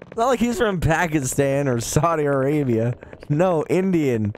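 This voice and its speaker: A man's voice: on the high side, lively intonation, normal speed, a little mellow, a little hiss or hum. A man telling rambling, profane anecdotes in casual chat on a live stream, with chuckles along the way.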